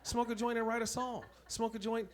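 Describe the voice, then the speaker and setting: A man's voice: very high voice, level tone, brisk. A man doing a stand-up comedy set on a club stage, with loose, laughing, punchy banter toward the crowd. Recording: noisy live club recording.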